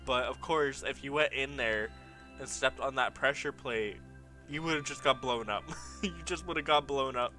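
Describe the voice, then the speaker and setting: A man's voice: mid-range voice, normal speed, pushed and bright, soft background music. A young man giving casual commentary over old gameplay, nostalgic and laughing often as he reads his old signs aloud. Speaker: gaming YouTuber.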